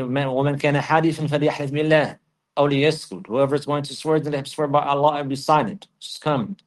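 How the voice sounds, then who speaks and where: A man giving a religious lesson, explaining in a measured way and repeating key phrases for emphasis. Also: on the high side. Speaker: religious teacher.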